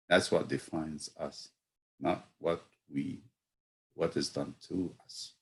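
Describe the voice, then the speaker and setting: Low-voiced priest teaching scripture. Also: male voice. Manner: thoughtful, pausing with fillers, building to emphatic rhetorical questions. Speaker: priest teaching Bible study. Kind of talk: reflective Bible study lesson.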